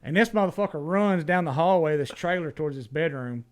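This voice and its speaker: A man's voice: on the high side, animated, quick pace, smooth. Blunt man telling a story. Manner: blunt, profane, restarts words. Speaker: podcast guest. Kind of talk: casual storytelling.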